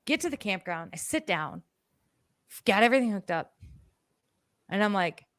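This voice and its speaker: A woman co-hosting a podcast, telling a story in a casual, animated way, swearing freely and acting out her own words. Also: mid-range voice, moderate pace, dry recording, studio quality. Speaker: podcast co-host.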